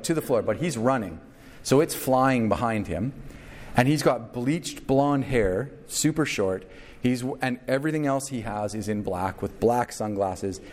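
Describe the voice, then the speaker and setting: Man, pastor, sermon story, lowish voice, acts out quotes, faint noise behind. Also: darkish tone. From Canada.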